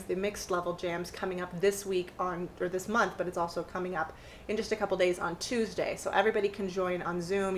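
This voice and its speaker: A woman teaching a live online ukulele jam, explaining patiently step by step and counting beats out loud. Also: mid-range voice, a little hiss or hum, low-quality recording. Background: ukulele playing.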